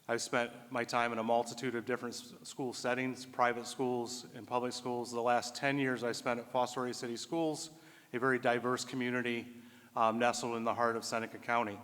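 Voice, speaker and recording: Male candidate, monotone, measured, hall reverb. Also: mid-range voice. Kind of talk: prepared opening statement.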